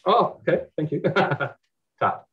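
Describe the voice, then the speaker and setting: A man with a Persian accent joining a session on a video call, apologetic and quick to laugh. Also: a little high. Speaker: session participant. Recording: dull video call audio.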